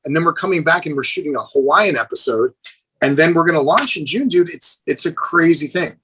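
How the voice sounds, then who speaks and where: This rough recording carries a little hiss or hum under a slightly high, slightly fast male voice. The speaker is a middle-aged fitness trainer from the United States, appearing on a laid-back podcast and eagerly spinning anecdotes while addressing the host as "dude."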